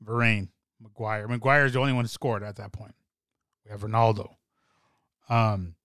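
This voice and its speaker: A young man talking in a rambling, excitable way with many fillers and restarts, as in casual chat. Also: medium pitch, no echo, studio quality. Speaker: soccer fan podcaster.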